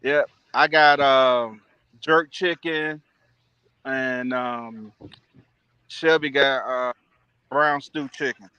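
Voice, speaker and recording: A man's voice: fairly even intonation, extremely slow, pauses often, pushed and bright, clear, resonant tone, dry recording, highs cut off. A man chatting casually on a livestream, telling stories with lots of laughter and playful impressions of his friends. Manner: laughing storyteller, mimics friends in a high voice. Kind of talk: casual chat.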